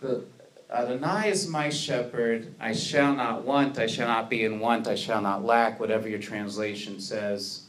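A man's voice: mid-range voice, steady tone, unhurried, a bit bright. A man preaching a sermon to his congregation, earnest, asking rhetorical questions and building to emphatic peaks. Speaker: pastor.

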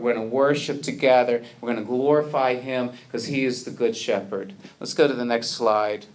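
A man's voice: mid-range voice, steady tone, normal speed, hardly any pauses. A man preaching a sermon to his congregation, earnest, asking rhetorical questions and building to emphatic peaks. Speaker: pastor.

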